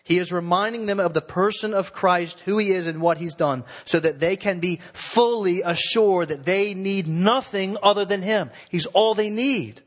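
Man, pastor, sermon, earnest and exhorting, slightly high voice. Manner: earnest, exhorting, with slowed emphatic phrases.

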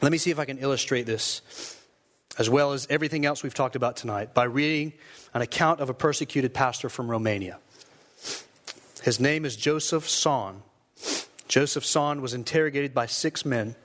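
A man preaching a sermon earnestly, slowing down to stress key phrases. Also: medium pitch, a bit bright. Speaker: pastor.

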